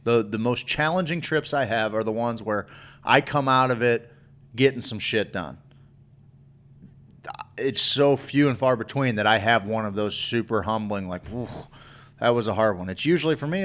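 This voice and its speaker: A young adult man co-hosting a casual chat show, reflective and halting, with restarts and the odd casual swear. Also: mid-range voice, a bit bright. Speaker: podcast co-host.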